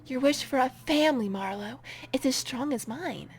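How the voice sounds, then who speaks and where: A woman voicing a possessive parasitic amoeba in the shape of a man, speaking low, soft and breathy, sometimes in a whisper, for a game reading. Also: moderate pace, a little hiss or hum. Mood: earnest.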